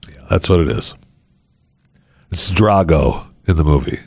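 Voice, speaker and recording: A man's voice: sits low, measured pace, gravelly, slightly rough, no room sound. A man hosting a comedy podcast, reading news stories aloud in a rambling, jokey way and stumbling over words. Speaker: podcast host. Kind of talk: casual comedic news chat.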